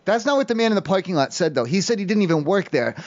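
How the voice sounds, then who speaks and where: A man making a deadpan prank call, rambling and hesitant with lots of ums and restarts. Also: high-pitched, fast, highs cut off. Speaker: prank caller.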